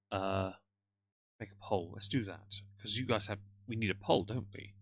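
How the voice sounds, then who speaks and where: A man's voice: on the low side, normal speed. A man hosting a casual livestream at home. He rambles with lots of fillers and greets viewers in chat one by one. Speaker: livestream host. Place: room upstairs at home.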